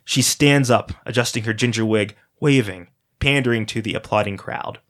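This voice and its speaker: A man reading a dark first-person story aloud as a storyteller, in a dramatic, steady manner. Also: medium pitch, moderate pace.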